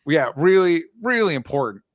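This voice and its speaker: A man co-hosting a casual movie podcast, recapping the plot with wry asides and many quick yeahs. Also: fairly high pitch, big pitch swings, no room sound. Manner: laid-back, lots of fillers and quick yeahs. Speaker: podcast co-host. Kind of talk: casual movie review chat.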